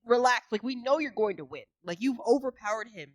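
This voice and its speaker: A woman's voice: a little high, expressive, fairly quick, no room sound, muffled recording. A woman co-hosting a podcast, chatting casually about a movie and acting out the characters' lines as she retells scenes. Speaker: podcast co-host. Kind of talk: casual movie review chat.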